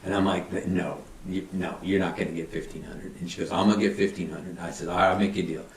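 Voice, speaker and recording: Deep-voiced man telling stories, roomy sound. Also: fast, slight background noise. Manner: rambling, animated anecdotes with voiced quotes. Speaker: guest, fire battalion chief and woodworker. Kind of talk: casual storytelling interview. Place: podcast studio. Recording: roomy, somewhat distant mic.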